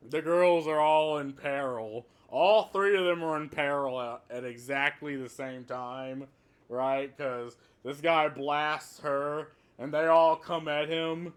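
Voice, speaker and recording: A man's voice: a little high, clear, resonant tone. A man giving a casual, rambling movie review, swearing often and laughing at the plot.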